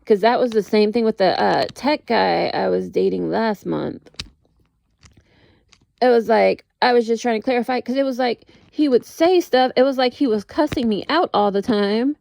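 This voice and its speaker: A woman chatting straight to camera in a loose, meandering way, filling her sentences with "like" and doubling back on herself. Her voice has a heavy gravelly fry and a soft, mellow tone. The sound is close and dry, with almost no room around it. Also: on the high side, moderate pace, no room sound. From United States. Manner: rambling, heavy use of "like", frequent restarts. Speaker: vlogger. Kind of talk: casual storytelling monologue.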